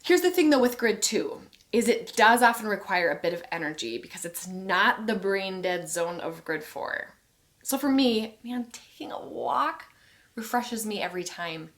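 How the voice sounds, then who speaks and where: A woman's voice: mid-range voice, expressive, moderate pace. A woman co-hosting a marriage course video, speaking conversationally to viewers and laughing easily. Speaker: co-host of a couples course.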